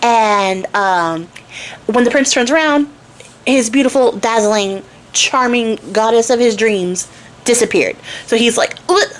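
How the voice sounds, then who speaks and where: A woman's voice: fairly high pitch, unhurried. Chatty, slangy young woman storyteller. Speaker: craft channel host. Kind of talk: casual storytelling.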